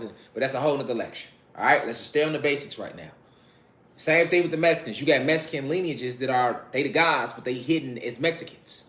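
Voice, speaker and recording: A man's voice: on the high side, a bit bright. A man giving an informal lecture to camera, emphatic and repetitive, with slangy, profane street talk and frequent check-ins with his listeners. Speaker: esoteric lecturer.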